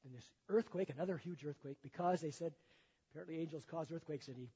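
A man's voice: a little high, fast, mellow, breathy edge. An older man preaching a sermon and retelling a Bible story in a folksy, conversational way, often chuckling at his own remarks. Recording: echoey hall, dull lo-fi sound.

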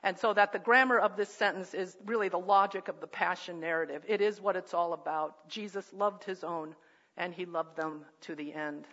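A woman's voice: lowish voice, fairly even intonation, moderate pace, fairly bright tone, lo-fi sound. A woman preaching a sermon in a thoughtful, conversational way, with fillers and restarts.

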